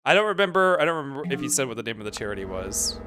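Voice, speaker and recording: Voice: mid-range voice, very animated, rapid-fire, a bit bright. A streamer giving casual, rambling commentary over a game, with many restarts and filler words. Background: game music.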